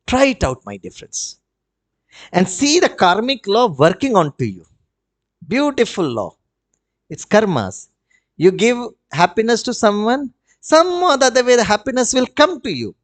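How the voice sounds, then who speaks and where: Lively Indian man giving a spiritual talk. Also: sits high, normal speed. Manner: animated, asks the audience questions. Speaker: spiritual retreat speaker.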